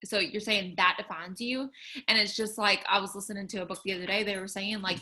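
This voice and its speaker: A woman's voice: medium pitch, steady tone, fast, bright, forceful tone. A young woman hosting a livestream and chatting earnestly to viewers about faith, full of fillers as she urges them on. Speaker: livestream host sharing faith encouragement. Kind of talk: casual faith talk to viewers.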